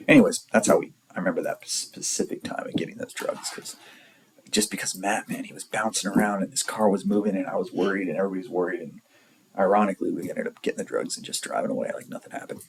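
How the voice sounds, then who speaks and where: Gravelly low-voiced man telling a story. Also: fairly even intonation, quick pace, low-quality recording. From San Diego area, California. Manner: profane, rambling, blunt. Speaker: storyteller vlogger. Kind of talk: casual storytelling.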